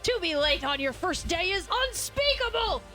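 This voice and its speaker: A woman's voice: extremely high pitch, sing-song, moderate pace, sharp tone, faint music behind, pitched above the performer's own voice, full character voice. A woman voicing a strict, rule-obsessed male student who scolds formally in a visual novel. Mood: stern. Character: stern rule-bound male student hall monitor.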